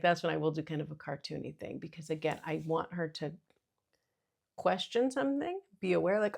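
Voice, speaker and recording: A chatty mom in her thirties hosts her podcast solo, wandering from thought to thought with plenty of filler words and jokes at her own expense. Her voice sits on the low side and carries a gravelly fry. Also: normal speed, a little mellow. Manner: chatty, rambling, self-deprecating, many fillers. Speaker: podcast host. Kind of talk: casual solo monologue.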